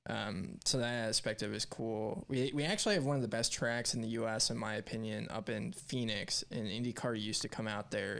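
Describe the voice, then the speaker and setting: A man with a low, gravelly voice co-hosts a live stream in an easygoing chat. He reads viewer messages aloud and talks in a rambling, candid way. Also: fairly bright tone. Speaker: co-host of a live stream show. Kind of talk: casual chat.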